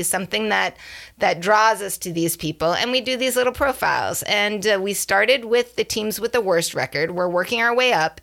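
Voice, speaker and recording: A woman's voice: mid-range voice, creaky, a bit bright. A woman co-hosting a podcast, chatting casually and laughing often, correcting herself as she goes. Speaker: podcast co-host. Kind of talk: casual chat about baseball.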